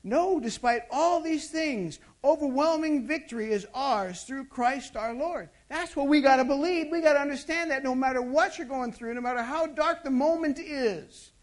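A pastor delivering a sermon, moving from loud emphatic bursts to hushed intimate asides and asking the congregation rhetorical questions. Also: high voice, moderate pace, hardly any pauses.

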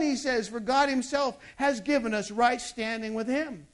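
A pastor delivering a sermon, moving from loud emphatic bursts to hushed intimate asides and asking the congregation rhetorical questions. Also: medium pitch, moderate pace, few pauses.

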